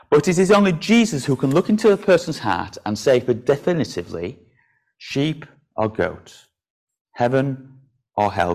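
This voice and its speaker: A man preaching a sermon in a church, earnest and solemn on the hard points, then coaxing and playful when he calls children up to help. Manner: earnest, drops low and soft for solemn points. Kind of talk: sermon with a children's object lesson.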